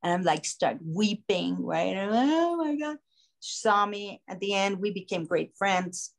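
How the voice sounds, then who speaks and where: Woman, podcast host, casual storytelling, animated, acts out voices, mid-pitched. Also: moderate pace, vocal fry. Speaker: singer.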